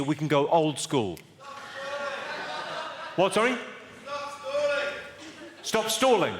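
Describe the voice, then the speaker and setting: A man doing stand-up comedy, deadpan and brisk, teasing people in the audience from a theatre stage. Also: fairly high pitch, heavy background noise. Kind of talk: stand-up comedy with crowd work. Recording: echoey theatre hall, loud audience.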